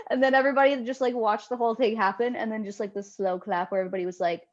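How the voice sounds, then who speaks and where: A woman's voice: on the high side, racing, few pauses, dull audio. A woman co-hosting a podcast, chatting casually and telling stories with lots of swearing. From Canada. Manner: swears freely, animated storytelling. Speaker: podcast co-host.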